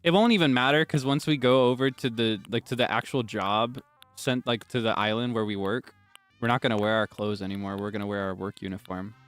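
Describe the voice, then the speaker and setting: A man streaming a game, chatting casually and rambling between sudden loud, high outbursts. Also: steady tone, brisk, clean tone, faint music behind. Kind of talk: casual gameplay chat.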